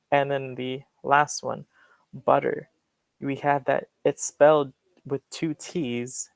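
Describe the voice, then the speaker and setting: A man's voice: medium pitch, creaky, no room sound. A young man explaining accents to a class over a video call, with hesitant, filler-heavy speech. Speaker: guest English speaker.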